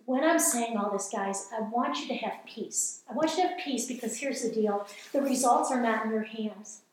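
A woman's voice: a little high, normal speed, a little mellow, a little hiss or hum. A middle-aged woman giving a passionate, earnest evangelical teaching talk, urging her listeners on. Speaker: speaker. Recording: very echoey room.

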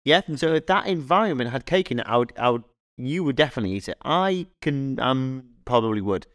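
Animated, rambling male fitness coach. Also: medium pitch, brisk, dry recording, studio quality. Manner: animated, rambling, anecdotal, frequent restarts. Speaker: fitness coach and podcast co-host. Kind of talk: casual podcast chat.

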